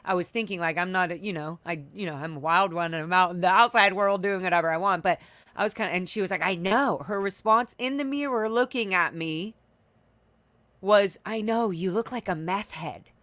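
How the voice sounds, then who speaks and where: Speaking briskly, a young adult woman hosting a podcast recounts a personal story over a video call, candid and emotional, full of fillers and restarts, in a casual chat. Her voice is on the low side and a bit bright, with no echo.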